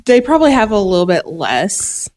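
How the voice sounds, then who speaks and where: A woman from Buffalo, New York, being interviewed as a podcast guest, soft-spoken and hesitant with many ums. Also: mid-range voice, very animated, normal speed. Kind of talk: casual interview chat.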